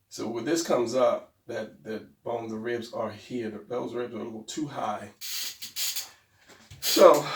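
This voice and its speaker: A man's voice: mid-range voice, vocal fry. A man teaching anatomy drawing in a casual, rambling way, thinking aloud as he sketches. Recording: roomy, mic far from speaker.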